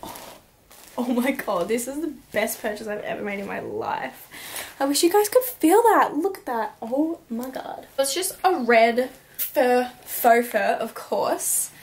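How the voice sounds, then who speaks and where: A woman's voice: on the high side, big pitch swings, measured pace, a little hiss or hum. A young woman in a casual haul vlog, talking to camera at home with a bubbly, gushing, chatty manner. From Australia. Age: young adult. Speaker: vlogger.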